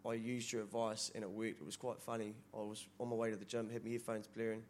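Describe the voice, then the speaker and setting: A man's voice: on the low side, little pitch movement, quick pace, a little mellow, a little hiss or hum. A man from the congregation, telling a story in a chatty, laughing way. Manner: chatty, laughing, says brother a lot. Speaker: church member asking a question. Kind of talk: casual storytelling.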